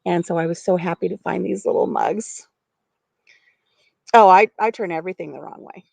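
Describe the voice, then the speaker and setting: A woman's voice: lowish voice, moderate pace, gravelly, long pauses, darkish tone, no room sound. A middle-aged woman chatting casually on a live stream from outdoors on her farm porch, giggling and talking to viewers by name.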